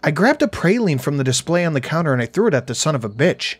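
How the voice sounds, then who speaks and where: A man's voice: a little high, sing-song, quick pace, husky, dry recording. A man narrating a first-person horror story in a dry, wry storytelling manner.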